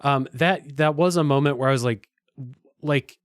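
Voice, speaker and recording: A co-host chats about a video game in a relaxed, agreeable way, often chiming in with short replies. The voice sits in a middle pitch and sounds dry and close. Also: moderate pace, dry recording. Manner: relaxed, agreeing, frequent laughs and backchannels. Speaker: podcast co-host.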